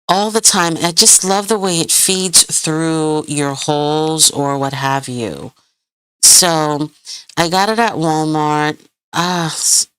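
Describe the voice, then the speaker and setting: A woman hosts a live craft tutorial from home, chatting with viewers and often hunting for the right word. Her voice sits low and moves at an unhurried pace. The sound is dry and close. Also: clean tone, no room sound. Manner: chatty, rambling, hunts for words, laughs often. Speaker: crafting channel host.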